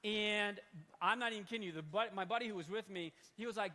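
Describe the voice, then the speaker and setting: A man in his thirties preaching in a church hall, telling a story in an animated, conversational way. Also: high-pitched, quick pace. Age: 30s. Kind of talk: sermon storytelling. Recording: long hall reverb.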